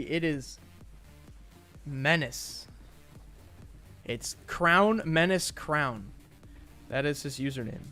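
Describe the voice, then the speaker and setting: A man's voice: on the high side, fairly bright tone. Chatty New York man casting a game. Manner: chatty, rambling asides to viewers. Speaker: tournament host and spectator caster. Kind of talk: live-streamed game commentary.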